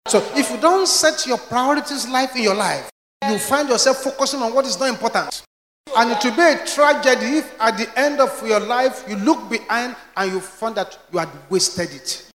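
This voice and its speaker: Emphatic preacher in echoing hall. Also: male voice, high-pitched. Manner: storytelling, emphatic, rising to shouts. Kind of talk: sermon. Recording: echoey hall reverb.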